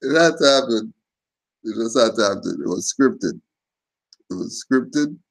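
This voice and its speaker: A man's voice: medium pitch, lively intonation, measured pace, creaky. A man hosting a comedy video, commenting in a mocking, laid-back way.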